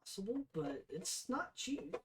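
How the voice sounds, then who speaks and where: A woman playing a tabletop game, calling out her attacks and rolls in a matter-of-fact, soft-spoken way. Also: fairly high pitch, big pitch swings, unhurried, background noise. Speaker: player. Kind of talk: casual tabletop game chat.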